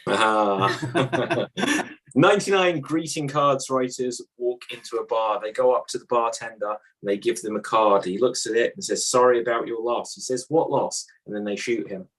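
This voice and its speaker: A man's voice: medium pitch, moderate pace, a bit bright. Man hosting an improv joke game. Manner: laughs often, calls on players by name.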